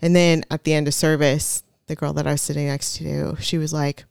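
A woman's voice: low-pitched, level tone, a little fast, gravelly, a little mellow, smooth, no echo, clean studio sound. A woman chatting as a podcast guest, telling a personal story in a chatty way with many fillers and frequent laughs. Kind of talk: casual storytelling chat.

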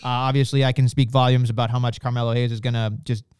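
A man co-hosting a wrestling podcast, blunt and profane, ranting in animated casual chat. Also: medium pitch, fast talker, clean tone, no echo, clean studio sound.

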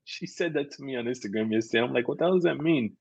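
A man's voice: mid-range voice, quick pace, vocal fry, slightly rough. Wisecracking New man, muffled sound. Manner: wisecracking, joking asides. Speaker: co-host, former police officer. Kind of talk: casual chat, reading the live chat. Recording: dull lo-fi sound.

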